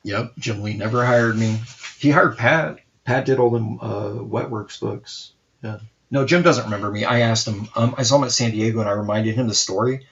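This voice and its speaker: A man in his forties with a gravelly, creaky voice chats casually on his live art stream. He tells his stories animatedly and swears freely. The audio sounds a little dull and lo-fi. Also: fairly low pitch, normal speed, slight background noise. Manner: profane, animated storyteller. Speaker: comic artist and stream host.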